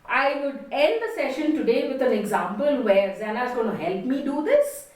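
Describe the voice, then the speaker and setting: An Indian woman trainer delivers a lesson, stressing words expressively. Her voice is high and swings widely as she talks fast. The sound is echoey and set well back from the mic. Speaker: communication trainer. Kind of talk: spoken lesson. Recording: echoey room, distant mic.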